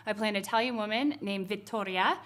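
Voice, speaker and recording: Upbeat young actress with "um" fillers. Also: female voice, mid-range voice, a little fast, a bit bright. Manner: upbeat, friendly, frequent "um" fillers. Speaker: actress and model, guest. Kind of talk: casual interview chat.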